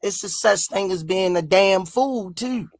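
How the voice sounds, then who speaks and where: A man with a Baltimore accent co-hosting a podcast, arguing loudly and sarcastically, often shouting and mocking. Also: sits high, unhurried, dry recording, clean studio sound. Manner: loud, sarcastic, shouts and mocks. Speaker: podcast co-host. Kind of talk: heated casual debate.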